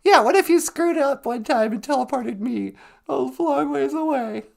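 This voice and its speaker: A woman's voice: lively intonation, moderate pace, creaky. Giggly playful female co-host. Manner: giggly, playful, high and bright. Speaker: radio co-host. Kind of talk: joking morning radio chat.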